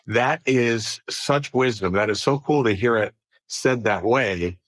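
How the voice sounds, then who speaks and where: A man being interviewed as a podcast guest, speaking in an earnest, measured way about business and mindfulness. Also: mid-range voice, fairly bright tone, no echo. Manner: earnest and measured, thinks aloud with fillers. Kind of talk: reflective conversational interview.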